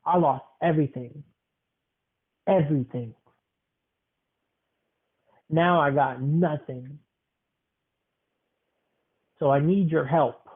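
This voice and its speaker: A man's voice: a little high, slow, pauses often, slightly rough. A young man voicing a desperate adult male stranger who pushes and pleads for help, in a story he is making up. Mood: pleading. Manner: insistent, pushy, then pleading. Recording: tinny phone-like sound.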